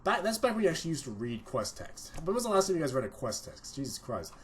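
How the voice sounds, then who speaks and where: A man's voice: on the high side, very animated, quick pace, a little hiss or hum. A young man giving rambling, profanity-laden casual commentary over his own gameplay video. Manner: rambling, swears a lot. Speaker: gaming video host.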